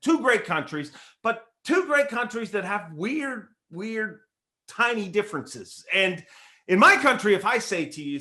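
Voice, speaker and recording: A man's voice: high voice, very animated, measured pace, sharp tone. A man from Canada co-hosting a casual podcast, rambling and repeating words as he talks, with frequent laughs. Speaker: podcast co-host.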